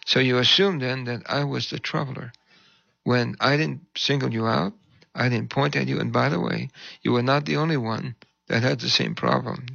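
A man's voice: medium pitch, normal speed, creaky, a bit bright, slightly rough, no echo, dull audio. A man who is a pastor, telling a story in conversation and acting out the voices he quotes.

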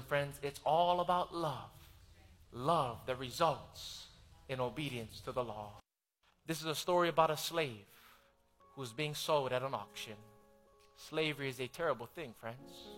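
A high-pitched male preacher with a bright, forceful voice delivers a sermon. He tells a story with dramatic swings from loud to hushed, and faint music plays behind him. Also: rough recording.

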